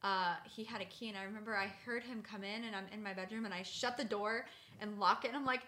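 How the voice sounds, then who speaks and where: A young woman co-hosting a podcast, telling stories in a chatty, animated way full of "like". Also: medium pitch, quick pace. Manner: chatty storyteller, lots of "like", animated. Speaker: podcast co-host. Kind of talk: casual chat.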